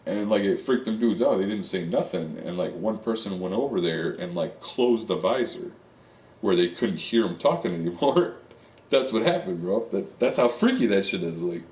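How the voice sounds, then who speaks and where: Male streamer, lowish voice, loose cursing ramble, roomy sound picked up from across the room. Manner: profane, rambling, full of fillers. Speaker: live streamer. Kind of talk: rambling live-stream monologue. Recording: echoey room, far from the mic.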